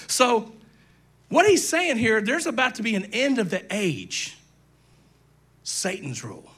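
An older man preaching from the pulpit with a high, ringing voice and a bright, forceful edge. He swings between hushed asides and shouted declarations, speaking straight to the congregation. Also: sing-song, unhurried. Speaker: pastor. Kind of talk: sermon. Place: church sanctuary.

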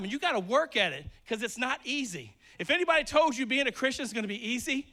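A man preaching a sermon with lots of energy, swinging between loud emphasis and quiet asides, a bit out of breath. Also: extremely high pitch, expressive, fast, few pauses.

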